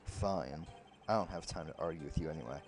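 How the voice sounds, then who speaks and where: A man's voice: very deep voice, fairly quick, a little mellow, faint music behind, pitched below the performer's own voice. A man voicing a young male defense attorney in a flustered, earnest way, close to his own voice.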